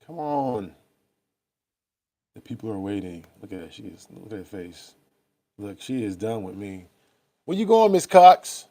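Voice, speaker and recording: A man's voice: on the low side, unhurried, vocal fry, long pauses, warm tone. A young man, chatting casually and profanely with viewers on a live stream from his laptop. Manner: loose, profane, talks straight to viewers. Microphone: laptop or phone mic.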